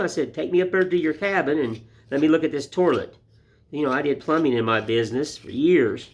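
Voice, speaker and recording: A man's voice: a little high, fast talker. A man hosting his woodcarving channel from an indoor wood shop, chatting to viewers in a folksy, rambling way as he whittles. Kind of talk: casual folksy talk to viewers while whittling.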